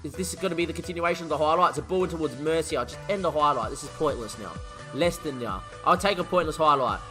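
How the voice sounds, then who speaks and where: A man commentating his football video game as a streamer, muttering one moment and shouting the next. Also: fairly high pitch, fast talker, soft background music. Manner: excitable, swings from muttering to shouting. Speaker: gaming streamer.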